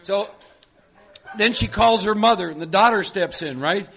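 A man with a bright, forceful voice leads a group workshop. He coaxes and prods participants in an animated way and laughs often. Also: high-pitched, normal speed, vocal fry, breathy edge. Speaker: workshop leader. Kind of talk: lively group workshop talk.

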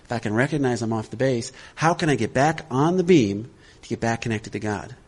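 A man leading a recovery workshop in an easygoing, conversational way. His voice sits at an ordinary middle pitch, and he keeps checking in with his listeners as he talks. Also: lively intonation, a little fast, husky. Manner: conversational, checks in with "all right?". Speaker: workshop leader.

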